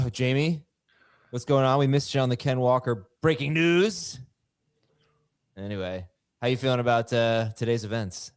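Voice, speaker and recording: A man hosting a fantasy football talk show, energetic and excitable as he rattles off news headlines. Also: mid-range voice, normal speed, pauses often, clear, resonant tone, no echo, studio quality. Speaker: host. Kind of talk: studio sports talk show.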